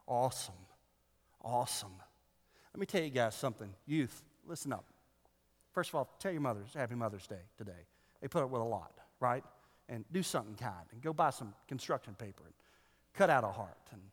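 A man's voice: medium pitch, normal speed. Man preaching in a reverberant hall. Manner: animated, joking asides to the congregation. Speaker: pastor. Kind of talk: sermon.

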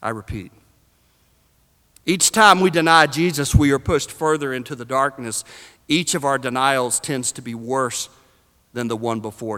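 A man preaching a sermon to a live congregation, swinging from shouts to hushed tones. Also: medium pitch, long reverb tail.

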